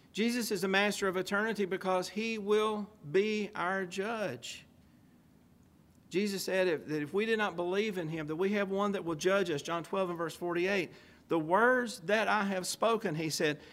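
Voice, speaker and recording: Preaching a sermon, this man reads old-style scripture aloud, stressing key phrases emphatically and posing rhetorical questions. His voice sits high and sounds a bit bright.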